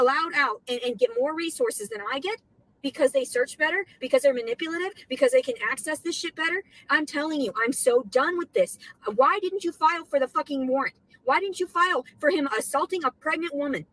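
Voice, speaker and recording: High-voiced, agitated woman ranting. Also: a bit bright, rough recording. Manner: agitated, profane, pleading. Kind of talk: emotional livestream rant. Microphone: computer mic on a livestream.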